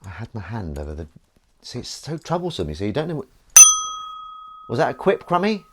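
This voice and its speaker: A man's voice: mid-range voice, wildly swooping pitch, a little fast, very noisy. A man hosting a casual live stream, chatting and reading out viewer comments in a playful way. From Northern England. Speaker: livestream host. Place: home kitchen while washing up.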